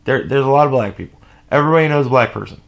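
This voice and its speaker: A man giving casual reaction commentary, animated and profane, rambling with restarts and sounding sleep deprived. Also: mid-range voice, very fast, vocal fry. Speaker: commentary vlogger.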